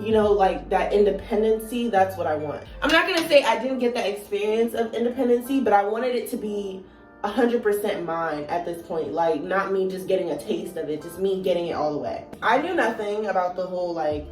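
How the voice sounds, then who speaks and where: A woman in her twenties tells a casual story time vlog in a groggy morning voice, filling her talk with "like" and "you know". She is recorded on a phone set back from her in an echoey room, and soft music plays underneath. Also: mid-range voice, brisk, far from the mic. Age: 20s. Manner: chatty and playful, lots of "like" and "you know". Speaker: vlogger. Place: at home while doing her morning routine. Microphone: phone on a moving gadget.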